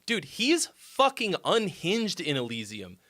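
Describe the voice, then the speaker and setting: A man hosting a live stream, chatting casually with viewers in a rambling, profane, excitable way and answering their comments. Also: sits high, unhurried. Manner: reads viewer comments aloud and replies. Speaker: livestream host giving song critiques.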